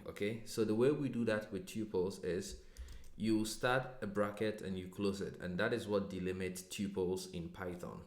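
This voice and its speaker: A man teaching a programming lesson in a relaxed, explanatory way, often checking in with "okay?". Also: sits low, echoey room. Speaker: programming instructor. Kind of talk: screen-recorded coding tutorial.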